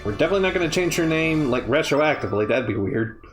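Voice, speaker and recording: A woman's voice: sits low, animated, fast talker, soft background music. A woman streamer casually commenting on a game in a wry, offhand, joking way.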